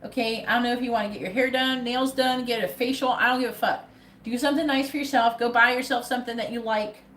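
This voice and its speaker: A woman's voice: fairly high pitch, fairly even intonation, fast talker, fairly bright tone. A woman giving a live tarot reading, talking in a blunt, profane way with a pep-talk delivery. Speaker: tarot reader. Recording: echoey room with faint background noise.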